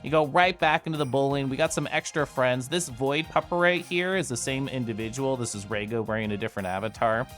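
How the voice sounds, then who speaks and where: A young man chatting casually with viewers on a live stream, giggly and animated. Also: mid-range voice, a little fast, hardly any pauses, soft background music.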